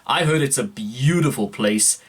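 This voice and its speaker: A man's voice: medium pitch, animated, unhurried, breathy edge. Rambling man. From northeast England. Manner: rambling, self-correcting, keeps calling out "ladies and gentlemen". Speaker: music reaction channel host. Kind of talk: casual reaction commentary.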